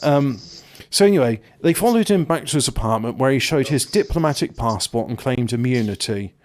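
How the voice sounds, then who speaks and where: A man's voice: mid-range voice, lively intonation, brisk. A man hosting a casual podcast, reading a news article aloud between jokes and asides. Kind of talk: casual chat.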